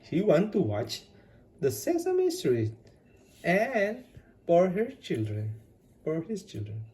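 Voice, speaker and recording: A woman narrating a toy play for kids in simple, slow storytelling. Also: on the low side, huge pitch swings, mellow.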